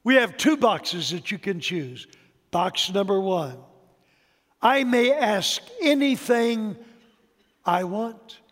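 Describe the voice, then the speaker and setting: A man preaching a sermon, emphatic, swinging between loud declarations and quiet asides, with humor to his congregation. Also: high voice, animated, slow. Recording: long reverb of a large hall.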